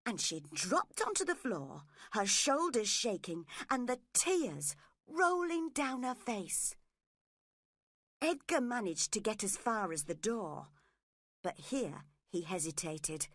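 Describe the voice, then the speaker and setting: A woman narrating an audiobook for English learners, clear and measured. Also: fairly high pitch, very animated, a bit bright, dry recording, studio quality.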